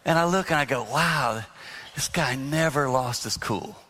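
A man giving a sermon-style marriage talk to a live audience, earnest, moving from emphatic to very soft. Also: medium pitch, unhurried, breathy edge. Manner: earnest, shifts between loud emphasis and soft near-whispers. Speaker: marriage speaker. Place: live event room with audience. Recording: long reverb of a hall.

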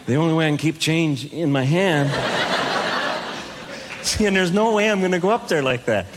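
A man doing stand-up comedy, telling self-deprecating stories in an animated way and acting out the dialogue. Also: on the high side, a little slow, heavy background noise.

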